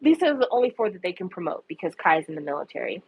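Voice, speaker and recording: A woman's voice: fairly low pitch, very animated, quick pace, breathy edge, poor audio. A woman giving impassioned, profane casual commentary, her voice rising in anguished outbursts. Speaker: K-pop commentary vlogger.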